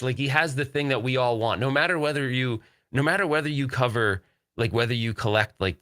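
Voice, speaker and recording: Host type, guy, lower voice but bright and edgy, rambly live-stream chatter. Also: dry recording, clean studio sound. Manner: rambling, upbeat, reads viewer chat aloud. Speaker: podcast host. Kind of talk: casual live-stream chat.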